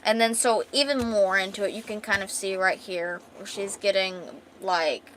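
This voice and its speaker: A woman's voice: mid-range voice, moderate pace, a bit bright, a little hiss or hum. A woman streamer chatting casually with viewers while retelling and reading a comic aloud, full of fillers and restarts.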